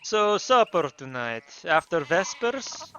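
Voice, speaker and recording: A man's voice: fairly high pitch, very animated, slow pace, pushed and bright, lo-fi sound, a little hiss or hum, voice pushed up, heavily acted. A man voicing a friendly, chatty middle-aged printer in a put-on New York accent, easygoing in his banter.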